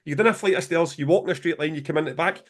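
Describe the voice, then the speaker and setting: High-voiced Scottish man telling stories. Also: racing. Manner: animated, sweary, laughs through his stories. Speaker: podcast co-host, music promoter. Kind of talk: casual storytelling chat.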